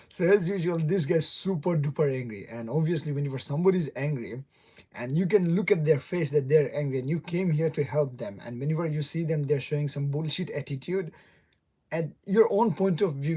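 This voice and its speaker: Young male livestreamer, non-native English accent, higher-pitched, mellow voice, chatty and giggly. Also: normal speed, breathy edge. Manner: rambling, laughs often, greets chat viewers. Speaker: livestream host. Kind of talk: casual live stream chat.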